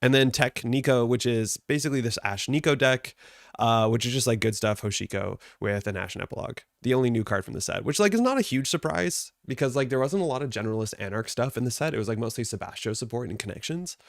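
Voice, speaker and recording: A man's voice: mid-range voice, fast talker, vocal fry, no room sound, studio quality. A man hosting a live card game stream, chatting casually and greeting viewers by name, a little stuffed up from allergies.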